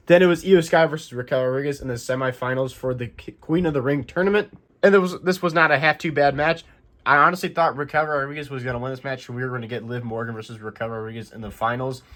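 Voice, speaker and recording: Fast-talking man recapping wrestling. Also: a little high. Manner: rambling, self-correcting play-by-play. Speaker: wrestling recap channel host.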